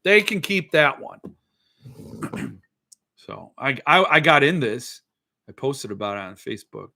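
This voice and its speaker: A man's voice: medium pitch, sing-song, unhurried, vocal fry, bright, forceful tone. A middle-aged man hosting a casual live show, rambling and joking as he reads viewer comments aloud. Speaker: podcast host. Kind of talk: casual livestream chat.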